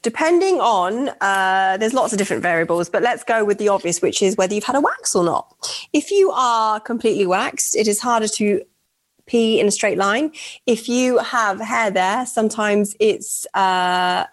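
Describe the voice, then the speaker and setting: A woman's voice: medium pitch, lively intonation, normal speed. A woman co-hosting a radio dating show, chatting casually, laughing often and swearing freely. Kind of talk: casual chat.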